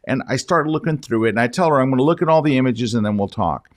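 A man of mid-range pitch speaks as a guest in a relaxed interview. He tells his stories with animation and keeps turning to the host by name. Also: quick pace. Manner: animated anecdote-telling, addressing the host by name. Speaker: guest photography educator. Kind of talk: casual interview storytelling.

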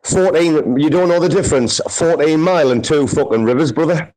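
A man's voice: on the high side, brisk, a little mellow, poor audio. A man with a Sunderland accent hosting a casual chat, swearing heavily in rowdy banter. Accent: Sunderland English. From northeast England.

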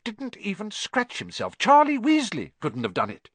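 A man's voice: on the high side, very animated, moderate pace, fairly bright tone, no echo, pitched above the performer's own voice. A man voicing a stern older female professor, with a clipped, commanding way of speaking, in an audiobook reading. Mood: brisk, stern.

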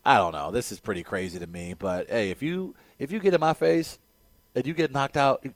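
A man co-hosting a sports radio show, giving animated, emphatic opinions in casual talk. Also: medium pitch, fairly quick, no room sound.

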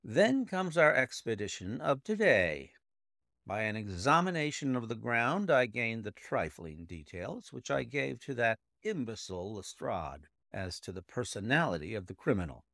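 A man doing a sharp Victorian detective. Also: mid-range voice, big pitch swings, moderate pace, gravelly, no echo, studio quality. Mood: explaining. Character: brilliant, precise male detective explaining deductions.

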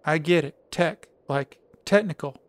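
A man's voice: on the high side, a little slow, no room sound, natural voice. A man doing a curious friendly climber. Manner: inquisitive.

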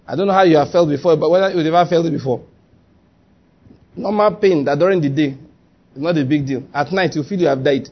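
A man with a Nigerian accent, preaching a lively sermon and acting out quotes. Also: fairly high pitch, brisk, long pauses, highs cut off. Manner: lively, chatty preaching with acted-out quotes and laughter. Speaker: pastor.

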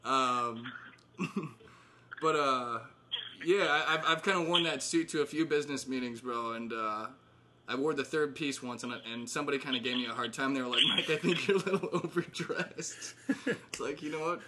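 A man's voice: mid-range voice, moderate pace, heavy background noise. A man in his thirties casually catching up with old friends, rambling with fillers and laughing often. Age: 30s. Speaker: host.

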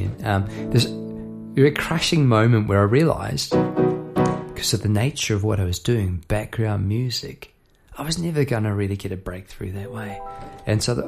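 A man from New Zealand hosting a podcast, telling lively anecdotes and mimicking the people in them. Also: fairly low pitch, vocal fry. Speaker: podcast host and musician. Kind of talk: storytelling monologue.

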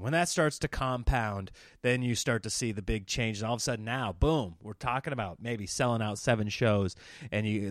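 Rambling through one story after another, this Nebraska comedian hosts his podcast in a casual monologue, performing the quoted lines of others. His pitch is mid-range, and the sound is close-miked and dry, with no room sound.

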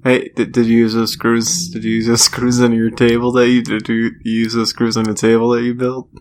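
A man's voice: medium pitch, monotone, normal speed, a little hiss or hum. A man co-hosting a casual podcast, joking around, repeating himself and laughing often. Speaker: podcast co-host.

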